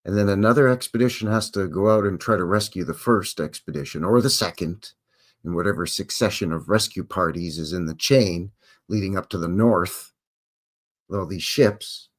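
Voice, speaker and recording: Wry Canadian man, low voice. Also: moderate pace. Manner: wry offhand asides between read-out facts. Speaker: live show host. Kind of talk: casual live-stream commentary, reading aloud.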